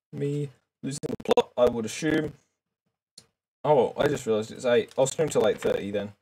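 A man's voice: medium pitch, moderate pace, background noise. A man chatting casually on a live game stream, rambling and self-mocking, with frequent swearing. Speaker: gaming streamer. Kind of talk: casual live-stream chat while gaming.

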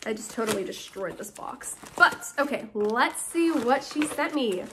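A young woman vlogger opening fan mail in casual chat to camera, bubbly and excitable and gushing with thanks. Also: fairly high pitch, measured pace, noisy background. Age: young adult.

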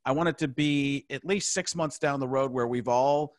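A man co-hosting a podcast in casual chat, quick-witted and joking, tossing in short bits of impressions. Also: medium pitch, no room sound, clean studio sound. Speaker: podcast co-host.

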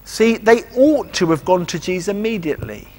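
A man's voice: high voice, lively intonation, brisk, a little mellow. A man preaching a sermon in a conversational way, asking rhetorical questions and acting out quoted lines. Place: church. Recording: long reverb of a church hall.

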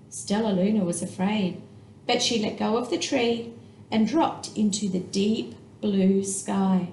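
A woman teacher reading a picture book aloud to young children, slow and expressive. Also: mid-range voice, creaky, echoey room, a little hiss or hum, rough recording.

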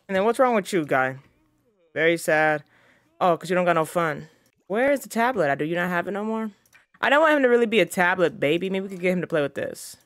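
On a gaming channel, a host gives casual let's-play commentary from a home recording setup, scolding the game characters and reading on-screen text aloud. The voice is medium-pitched with no echo.

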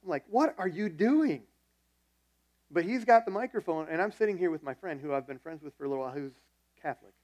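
Male pastor, sermon, casual storytelling, self-deprecating, slightly high voice. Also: very fast, no echo.

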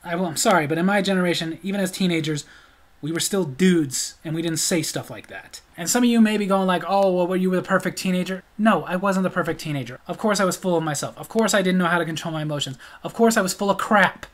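A man's voice: sits high, quick pace. A middle-aged man telling stories in a casual vlog, blunt and sarcastic. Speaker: storyteller.

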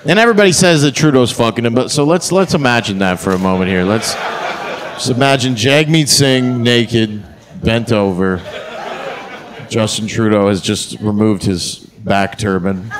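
A man's voice: on the low side, moderate pace, noisy background. A man performing a crude, brash stand-up comedy set on a theatre stage. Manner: crude, brash punchline delivery.

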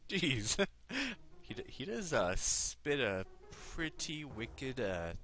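A man's voice: mid-range voice, sing-song, slow pace, bright, forceful tone. Laid-back man chatting over a game. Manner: laid-back and chuckling, with restarts. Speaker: let's play commentator. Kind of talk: casual gameplay commentary.

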